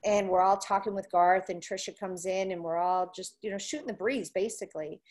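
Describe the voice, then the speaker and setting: Speaking at a fairly quick clip in a medium pitch, a female country radio personality tells anecdotes during casual conversation. She brings the stories to life by performing what others said.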